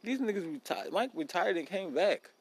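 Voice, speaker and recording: A man's voice: sits high, lively intonation, moderate pace, darkish tone, husky, rough recording. A man hosting a casual solo podcast, talking bluntly in a profane, rambling street style. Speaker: podcast host.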